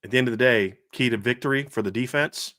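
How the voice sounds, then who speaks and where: A man's voice: medium pitch, quick pace, fairly bright tone, no room sound, studio quality. A man co-hosting a sports podcast, ranting heatedly about his team's coaching, fired up and repeating himself with restarts. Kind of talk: heated sports commentary rant.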